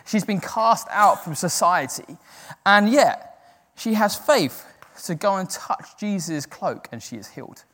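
Male church speaker, slightly high voice, casual joking sermon delivery, long hall reverb. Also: expressive, measured pace, fairly bright tone, slight background noise. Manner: chatty, joking, earnest. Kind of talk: informal sermon.

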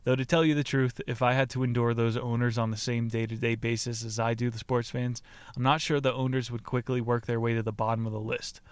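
A man hosting a podcast, reading a book aloud in a deadpan way and breaking off into laughing, profane asides. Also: medium pitch, fairly quick, smooth, no echo. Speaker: podcast host.

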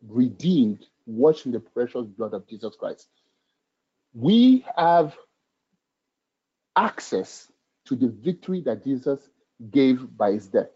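Husky-voiced preacher, mellow and emphatic. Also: male voice, medium pitch, dull audio. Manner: emphatic, repeats phrases for stress. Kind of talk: sermon with scripture reading.

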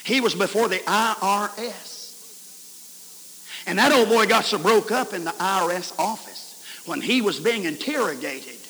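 A man preaching a camp meeting sermon, telling folksy stories and swinging between shouts and hushed whispers. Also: high-pitched, animated, moderate pace. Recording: hissy 1990s recording in a reverberant hall.

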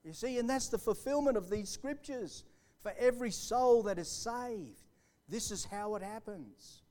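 A man preaching a sermon live in church, building to fervent emphasis and then dropping to a hushed storytelling voice. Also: high-pitched, animated, a little slow. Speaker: pastor. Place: church hall, recorded live.

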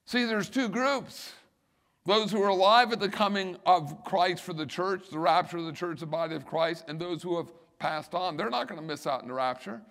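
A man's voice: high-pitched, moderate pace, fairly bright tone. A middle-aged male pastor preaching a sermon, building emphasis and repeating key phrases.

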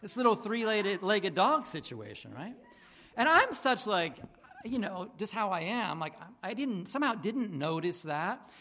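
A man's voice: high voice, unhurried. A man preaching a sermon in a casual, rambling way, with many restarts and fillers, acting out bits of dialogue in different voices. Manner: acts out dialogue in animated voices. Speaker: pastor.

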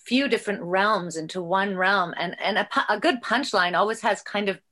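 A woman's voice: medium pitch, pushed and bright. A woman in casual conversation who muses thoughtfully and restarts her sentences often as she searches for words. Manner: musing, thoughtful, halting restarts.

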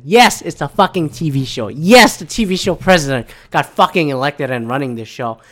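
A man's voice: a little high, sing-song, normal speed, few pauses, fairly bright tone. Brief: male podcast host from Michigan, sweary, rambling, sarcastic political rant. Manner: profane, rambling, sarcastic, mocking voices of others.

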